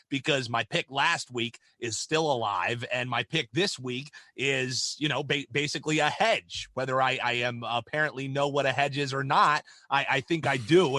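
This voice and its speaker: Bright, energetic man co-hosting a podcast. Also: mid-range voice, no echo. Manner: energetic, repeats words when starting phrases. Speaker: podcast co-host. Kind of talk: casual sports betting chat.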